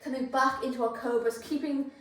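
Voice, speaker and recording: A high-voiced woman guiding a yoga flow, cueing each pose and breath with encouragement. She is out of breath from the effort. Her voice rings through a very echoey room, picked up from a distance. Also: steady tone, a little fast, a little hiss or hum. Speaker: yoga instructor. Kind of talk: guided yoga class instruction.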